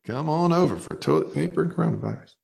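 Man, lowish husky voice, lively pitch, teasing and profane banter. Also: fast talker. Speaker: podcast co-host. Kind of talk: casual chat.

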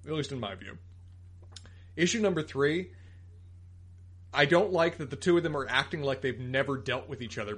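A podcast co-host with a husky, medium-pitched voice critiques an episode in a casual review chat. He's methodical and critical, listing his complaints point by point.

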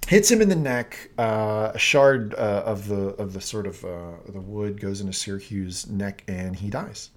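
A man co-hosting a casual recap podcast, telling scenes in an animated way with laughs and quick voice impressions. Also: on the low side. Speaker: podcast co-host.

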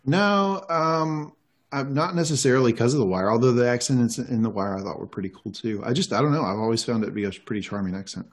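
A man's voice: medium pitch, quick pace. A man chatting casually as a podcast co-host, opinionated and playful. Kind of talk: casual chat.

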